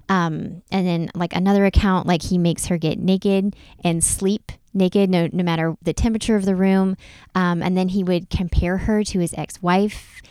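Chatty woman, smooth low voice. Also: steady tone, moderate pace, warm tone, no echo. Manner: chatty, lots of "like" and "um" fillers. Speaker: podcast co-host. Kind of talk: casual chat.

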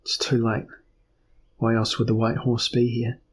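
A man's voice: medium pitch, monotone, measured pace, natural voice. A man voicing a despairing young woman. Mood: fearful. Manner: quiet, despairing delivery.

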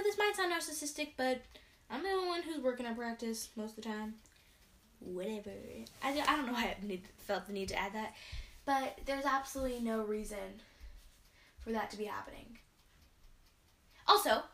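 Teenage girl vlogger, slightly high voice, exasperated rambling rant from her bedroom. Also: a bit bright. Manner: exasperated, rambling, frequent sighs and restarts. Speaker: vlogger and gymnast. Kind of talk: casual ranting monologue.

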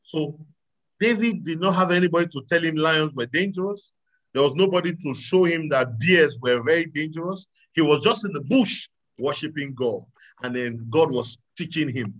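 A man preaching a sermon to a live audience, animated, swinging between loud exclamations and quiet asides. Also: a little high, poor audio. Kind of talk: sermon with audience call-and-response.

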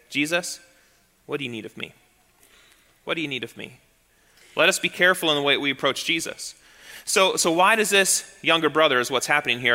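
A man preaching a sermon as a pastor, emphatic and swinging to soft, low tones. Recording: long reverb of a large hall.

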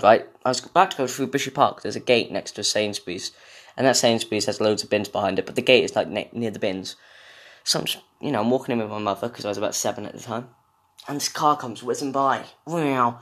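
A young man, host of a solo show, ranting in a sarcastic, sweary, rambling way. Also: mid-range voice. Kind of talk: casual comedic rant.

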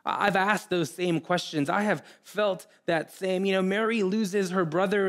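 A man preaching a sermon in an earnest way, often repeating words and pausing. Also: sits high, fairly even intonation. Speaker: pastor.

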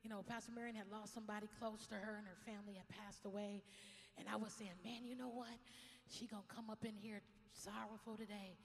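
A woman pastor preaching a lively sermon, telling stories and swinging from quiet asides to loud exclamations. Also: mid-range voice, a little fast, long reverb tail.

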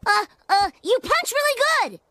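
A jittery cartoon schoolboy, stammering and eager to please. His voice is high and swoops widely from word to word. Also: big pitch swings, moderate pace, pushed and bright, no room sound, studio quality, heavily acted. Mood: nervous. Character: nervous flattering cartoon schoolboy. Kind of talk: cartoon voice acting.

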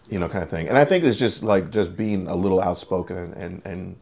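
Low gravelly man chatting casually. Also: fairly quick, a little mellow. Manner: rambling, filler-heavy storytelling. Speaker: podcast co-host. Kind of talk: casual chat.

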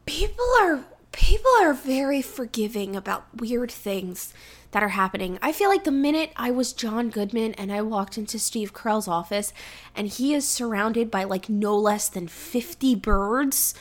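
A woman's voice: fairly high pitch, moderate pace. A woman in casual chat about a film, retelling scenes with quoted lines and frequent swearing. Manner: animated, swears, acts out movie lines.

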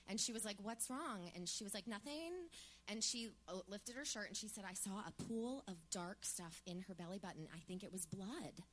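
A woman's voice: medium pitch, a little fast, few pauses, slight background noise. A woman in her thirties co-hosting a live podcast on a theatre stage, telling stories chattily with lots of fillers. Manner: chatty, animated storyteller with many fillers. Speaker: podcast co-host. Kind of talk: live podcast banter and storytelling.

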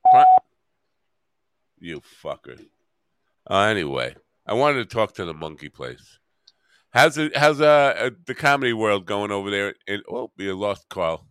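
Deep-voiced guy hosting a podcast solo, muttering and rambling, dry close sound. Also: animated, a little slow, pauses often, fairly bright tone, clean tone, dry recording. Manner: rambling, mutters to himself, wry asides. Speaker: podcast host.

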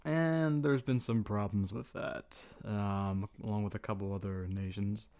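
A man's voice: lowish voice, steady tone, unhurried, a little mellow, smooth. A young man hosting a podcast, talking in a flippant, profane, slangy way and acting out quotes as he goes. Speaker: podcast host. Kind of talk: casual opinion monologue.

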